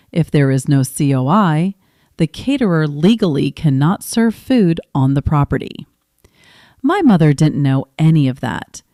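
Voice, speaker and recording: A woman in her twenties reading a scripted first-person story in a calm, measured, restrained way. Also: sits low, no room sound, clean studio sound. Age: 20s. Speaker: narrator.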